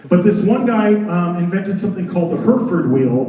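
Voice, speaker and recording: A man with a high voice presents at a convention panel, describing a haunted attraction with playful, animated humor. He is recorded from a distance inside a huge, reverberant convention hall, where his voice echoes heavily. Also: fairly quick. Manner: animated, joking storyteller. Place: large convention center hall.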